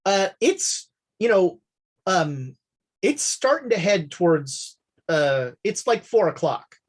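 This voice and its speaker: A woman running a tabletop horror game as game master, narrating in a relaxed, halting way with many fillers. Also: lowish voice, slightly rough.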